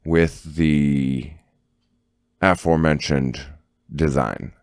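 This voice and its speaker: Very deep-voiced boisterous man. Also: steady tone, extremely slow, no room sound, clean studio sound. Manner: boisterous, swaggering, swears freely. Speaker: podcast co-host. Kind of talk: casual chat.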